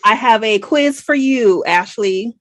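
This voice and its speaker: An American woman co-hosting a book podcast, talking in an emphatic, animated way. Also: on the high side, slow pace, no room sound. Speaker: podcast co-host. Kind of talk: casual book review chat.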